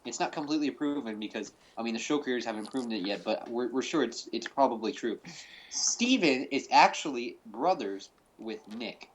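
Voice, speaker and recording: A man's voice: medium pitch, animated, moderate pace, poor audio. A man hosting a mock-serious fan-theory presentation over a call. He rambles, with lots of fillers and restarts. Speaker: host. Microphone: call recording.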